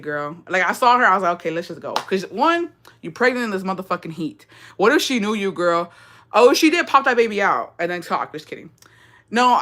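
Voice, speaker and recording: Bright-voiced young woman ranting casually. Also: on the low side. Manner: slangy, profane, chatty rant reading viewer comments. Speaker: livestream host. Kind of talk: casual storytelling livestream.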